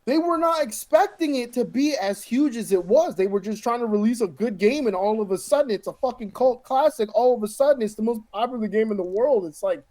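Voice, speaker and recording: A man co-hosting a podcast in casual chat, profane and animated, acting out other people's voices when he tells a story. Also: very high voice, brisk, few pauses, no echo. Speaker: podcast co-host.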